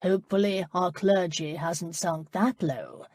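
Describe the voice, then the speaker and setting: A woman's voice: on the low side, unhurried, darkish tone, no room sound. A woman reading the lines of a royal prince, dry and authoritative. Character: wry commanding royal prince, older man.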